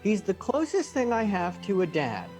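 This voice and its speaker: A lonely young poor man, played by a man in a comedy reading. His delivery is hesitant and wavers, and his pitch swings widely. Faint music plays behind him. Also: huge pitch swings, moderate pace, darkish tone. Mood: earnest.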